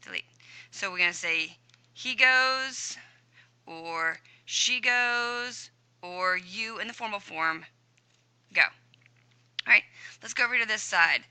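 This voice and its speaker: A woman's voice: on the low side, steady tone, a little slow, long pauses, sharp tone, smooth. A woman teaching a recorded Spanish grammar lesson, upbeat and chatty, talking to herself while she types.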